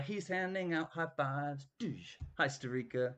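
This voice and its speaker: A man's voice: a little high, measured pace, very noisy. A man hosting a live online auction, greeting viewers by name in a playful, drawling way with bits of song. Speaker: auction host. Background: guitar music.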